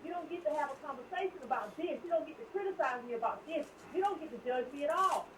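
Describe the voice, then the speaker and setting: A woman with a Southern American accent talks quickly in a high voice, repeating herself as she drives her point home. She sounds a bit far from the mic. The room around her is echoey. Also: expressive, slight background noise. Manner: emphatic, repeats words while building a point. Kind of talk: heated discussion.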